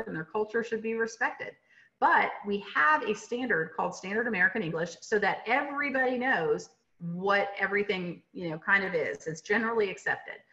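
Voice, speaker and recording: A woman's voice: medium pitch, pushed and bright. A woman from Atlanta, Georgia, giving a webinar lecture on teaching reading in a conversational way, with many fillers and tag questions. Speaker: literacy presenter. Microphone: video call. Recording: dull lo-fi webinar audio.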